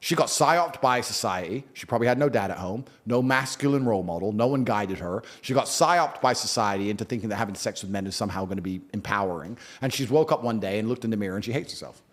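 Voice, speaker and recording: A man's voice: fairly low pitch, fast, few pauses. A man as an interview guest, talking emphatically and making sweeping claims. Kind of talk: opinionated interview talk.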